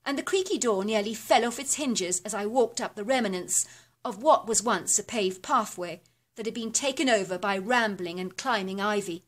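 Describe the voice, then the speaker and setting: A woman reading a first-person horror story aloud in a steady, descriptive storytelling manner. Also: medium pitch. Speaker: narrator.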